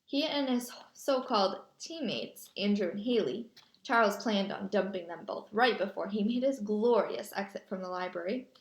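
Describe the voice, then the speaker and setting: A woman narrating a children's novel aloud in a lively storytelling manner. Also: medium pitch, normal speed. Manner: lively storytelling, voicing characters. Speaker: audiobook narrator. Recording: echoey room.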